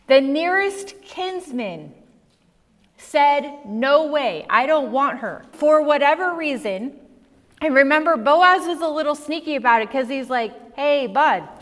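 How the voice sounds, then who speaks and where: A high-pitched woman leads a chatty Bible study at an unhurried pace. She jokes and throws questions to her listeners, and her voice rings with a long hall echo. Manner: chatty and playful, asks the class questions. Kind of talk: casual, humorous Bible lesson.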